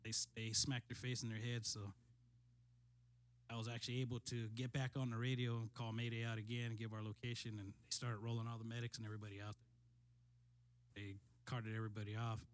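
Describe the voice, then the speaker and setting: Middle-aged man, calm matter-of-fact storyteller. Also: medium pitch, fast. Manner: steady, matter-of-fact, frequent throat clearing. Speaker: guest, military veteran. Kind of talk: casual storytelling.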